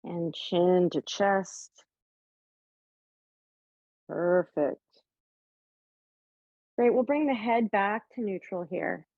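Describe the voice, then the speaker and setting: A woman's voice: lowish voice, very slow, creaky, pauses often, darkish tone, no room sound, muffled recording. A woman teaching a yoga class, guiding poses in an upbeat, playful way and sometimes talking while holding a pose herself. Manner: upbeat and playful, with light jokes. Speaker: yoga instructor. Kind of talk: guided yoga class instruction.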